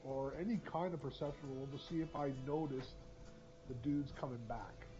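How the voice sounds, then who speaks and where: A man playing a tabletop game, explaining his moves deliberately step by step. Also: mid-range voice. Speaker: player. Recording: dull lo-fi sound with music behind.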